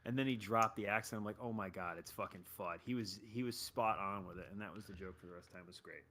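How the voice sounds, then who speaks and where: Male co-host, lowish voice, laid-back anecdotes, faint background hiss. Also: steady tone, rapid-fire, fairly bright tone. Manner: laid-back storytelling with swearing. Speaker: podcast co-host. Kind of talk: casual live-stream chat.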